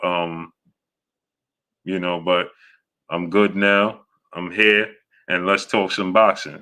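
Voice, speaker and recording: A man with a low voice hosts a casual live stream. His tone is bright and forceful. He talks haltingly, full of fillers and restarts, and keeps greeting viewers by name. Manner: greets viewers by name in a steady run-through. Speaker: host of a boxing live stream.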